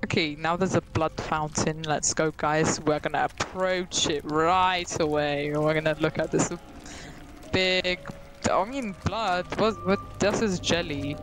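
A nervous man streaming a horror game in a put-on American accent, rambling goofily and breaking into high shrieks. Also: steady tone, unhurried, music in the background. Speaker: gaming streamer. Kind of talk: casual let's-play commentary.

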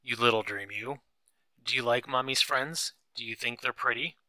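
A man reads a glamorous young mother, sweet and doting. The delivery is bright and close, with a coy, affectionate lilt. It sounds like a storybook reading. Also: mid-range voice, normal speed, no room sound, rough recording.

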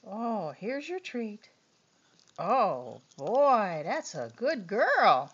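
Lady baby-talking her dog, slow and bouncy, muffled old home vid. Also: mid-range voice, big pitch swings, slightly rough. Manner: sing-song, coaxing, swinging from loud to hushed. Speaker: dog owner. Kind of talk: coaxing baby talk to a pet.

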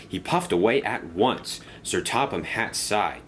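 Man narrating a storybook, lively delivery. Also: on the low side, a little slow, few pauses, slight background noise. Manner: expressive, lively reading.

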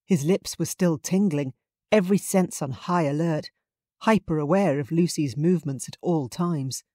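Low-voiced woman audiobook narrator. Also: normal speed, dark tone, dry recording, clean studio sound. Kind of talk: scripted narration.

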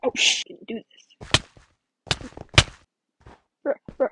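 A young woman giving chaotic, erratic gameplay commentary, jumping from mutters to sudden yells. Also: medium pitch, moderate pace, gravelly, long pauses, breathy edge, dull audio. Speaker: gaming YouTuber.

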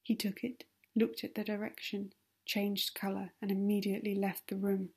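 A woman reading a classic novel aloud as calm, soothing ASMR narration. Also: medium pitch, normal speed, vocal fry, breathy edge. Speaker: audiobook reader.

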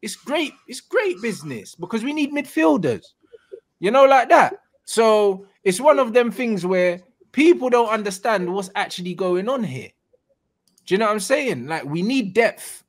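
A man's voice: high-pitched, very animated, normal speed. A young man talking football in slangy, laughing banter. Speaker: football fan co-host.

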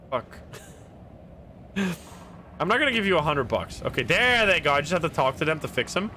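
Excitable man streaming a game. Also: fairly high pitch, moderate pace, pauses often, slight background noise. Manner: excitable, swears and laughs, narrates his moves. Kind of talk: casual gameplay commentary.

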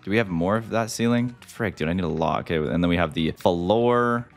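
A man giving excitable gameplay commentary as the host, talking to himself and to viewers and calling everyone "dude". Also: sits low, a little fast, vocal fry, faint music behind. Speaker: gaming video host.

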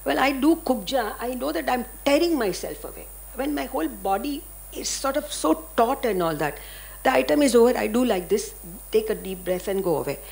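A woman's voice: a little high, normal speed, creaky. Older indian lady, dance teacher on a panel, emphatic storytelling. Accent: Indian English. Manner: animated, anecdotal, emphatic.

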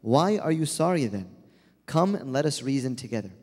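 A man voicing a gentle male angel who patiently reasons and consoles. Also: medium pitch, sing-song, moderate pace. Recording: long hall reverb.

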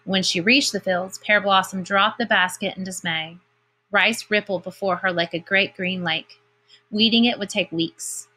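Woman, teacher, storybook read-aloud, expressive, bright tone. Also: mid-range voice, normal speed. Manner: expressive storybook reading with lively character voices. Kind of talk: reading a picture book aloud with commentary.

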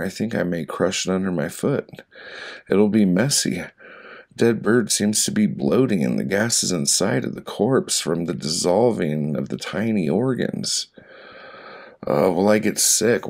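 Reading his poems aloud for an audiobook, this low-pitched man speaks with vocal fry. He keeps it deadpan and dry, pausing slowly between brief lines.

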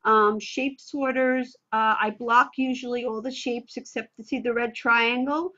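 At a measured pace, a female speech pathologist handles interview questions with playful liveliness, her voice high, bright, and forceful. The video call audio comes through somewhat muffled and dull.

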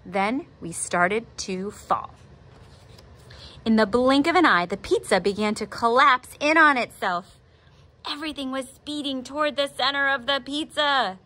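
A woman art teacher who reads a picture book aloud with expressive, animated storytelling, then gives drawing steps. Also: high-pitched, a little slow.

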